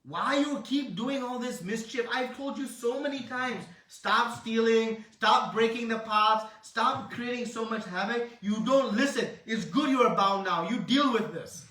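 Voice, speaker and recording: A man voicing a fiery, angry young boy god who threatens loudly and scolds his younger brother. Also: very high-pitched, a little slow, hardly any pauses, voice pushed up, heavily acted. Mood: scolding. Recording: roomy hall, distant mic.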